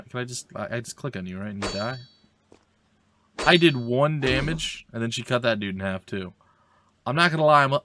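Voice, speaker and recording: A man's voice: medium pitch, fairly bright tone, slight background noise. A man hosting a let's play, reading the game's text aloud and adding joking, self-mocking asides.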